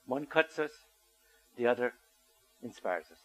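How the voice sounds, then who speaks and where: A man's voice: medium pitch, animated, a little slow, a bit bright, poor audio. An older man giving a storytelling talk to an audience, asking them questions as he goes. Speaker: speaker.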